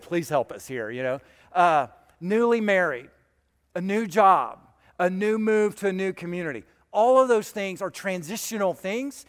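A man's voice: sits high, in a large hall. A male pastor preaching a sermon in a conversational way, talking directly to the congregation.

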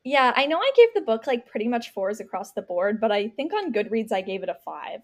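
Lively, high-voiced woman podcast host. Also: fairly quick. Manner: chatty, many "like" fillers. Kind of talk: casual book chat.

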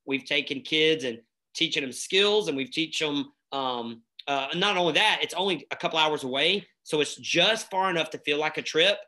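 A man tells a story in a lively, chatty way, leaning on fillers and tag questions. His voice is bright and forceful, and sits a little higher than most men's. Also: normal speed. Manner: energetic, chatty, many fillers and "right?". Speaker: nonprofit founder and guest. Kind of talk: casual storytelling conversation.

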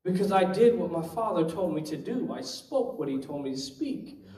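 High-voiced animated male minister. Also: normal speed. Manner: animated, acts out quoted voices. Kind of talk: storytelling testimony. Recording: echoey room, distant mic.

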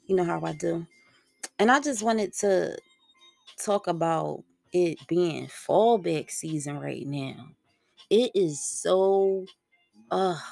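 Gravelly, low-voiced woman podcaster rambling. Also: darkish tone, no echo. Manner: slangy, rambling and candid, swears freely. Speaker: podcast host. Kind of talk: casual solo podcast monologue.

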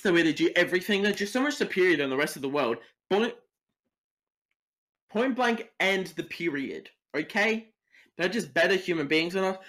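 Teen boy podcaster, sweary rants, pitch swooping constantly. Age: teens. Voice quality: animated, sweary ranting, fast tangents. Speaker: podcast host. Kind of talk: solo podcast rant.

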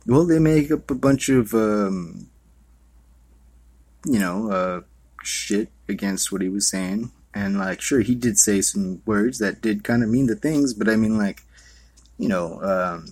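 A man's voice: on the low side, unhurried, long pauses, darkish tone, slightly rough, no room sound. A man hosting a podcast in a loose, rambling monologue, profane and full of fillers. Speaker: podcast host.

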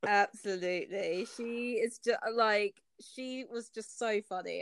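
A woman's voice: medium pitch, a little slow, vocal fry, few pauses, no room sound. A woman co-hosting a casual podcast, playful and gushing, laughing often. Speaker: podcast co-host. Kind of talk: casual chat.

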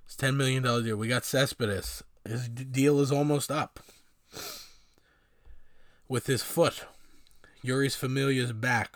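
A man's voice: medium pitch, no room sound, studio quality. A man giving a casual, rambling sports opinion monologue with many fillers and sardonic asides. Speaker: sports commentator.

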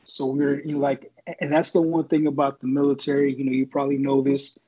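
A man's voice: mid-range voice, monotone, a little fast, hardly any pauses, mellow, husky. A former Marine man telling a story in a casual, rambling, profane way. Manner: profane, rambling, laid-back. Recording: dull lo-fi audio.

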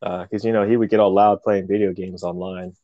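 A man telling loud, profane stories from his military years in a casual chat, laughing often. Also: deep voice, little pitch movement, a little fast, no echo, highs cut off.

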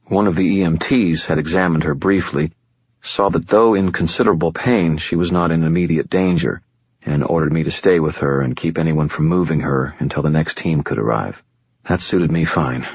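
A man giving steady, measured first-person audiobook narration on a dull, dry recording. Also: rumbling low, husky, no room sound.

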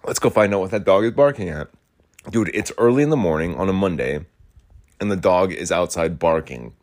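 Low-voiced young man ranting casually. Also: animated, a little fast, darkish tone. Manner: ranting, swears often, repeats himself. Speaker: podcast host. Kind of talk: rambling casual monologue. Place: rural home, in and out of doors.

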